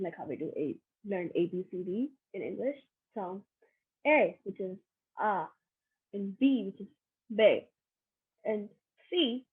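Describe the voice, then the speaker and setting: A young woman giving a recorded online lesson, slow and patient, repeating each example aloud. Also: mid-range voice, breathy edge. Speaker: workshop teacher. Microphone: online video lesson. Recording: tinny phone-like audio.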